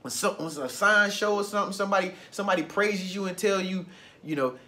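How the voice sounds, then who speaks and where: Man, high voice, casual motivational vlogger who repeats key phrases. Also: quick pace, pushed and bright. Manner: loose, conversational, repeats phrases for emphasis. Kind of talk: motivational talk to camera.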